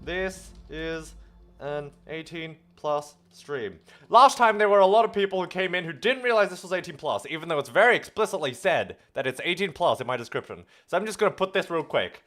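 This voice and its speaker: Animated high-voiced Australian man. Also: fast, few pauses. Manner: animated, playful, swears and exclaims often. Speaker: streamer. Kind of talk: casual livestream chat with viewers.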